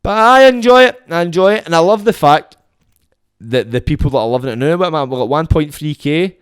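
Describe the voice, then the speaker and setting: A man's voice: a little high, expressive, a little fast, clean tone, no room sound. Sweary Scottish man, rambling and dry. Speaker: podcast host. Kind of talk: casual monologue to camera. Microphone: phone.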